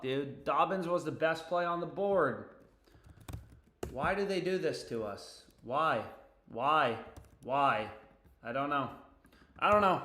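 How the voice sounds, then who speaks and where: Young man, high-pitched, excitable, swears, casual livestream, echoey room. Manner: excitable, swears, talks to himself. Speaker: sports betting streamer. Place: home.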